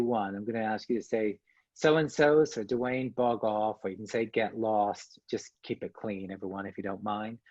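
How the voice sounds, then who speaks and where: A man's voice: medium pitch, no echo. Joking man on a lo-fi video call. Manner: lively, joking, coaxing the audience. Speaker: workshop speaker. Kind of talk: online conference talk.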